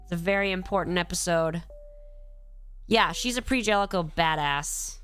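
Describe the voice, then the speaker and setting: A woman's voice: lowish voice, normal speed, a bit bright, smooth, faint music behind. Tired woman streamer, rambling and profane. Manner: rambling, profane, answers chat. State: tired, with a cold. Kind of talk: casual live-stream commentary.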